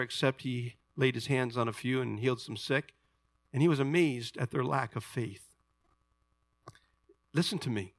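A man preaching to his congregation, his voice bright and ringing, swinging from loud emphatic points down to quiet, hushed storytelling. The sound is dry and close, with no room around it. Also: mid-range voice, no echo. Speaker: pastor. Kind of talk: sermon.

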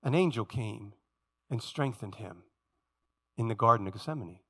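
A man in his forties preaching a sermon as pastor, telling stories dramatically and swinging from loud passages to hushed ones. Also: lowish voice, lively intonation, normal speed, slightly rough. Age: 40s.

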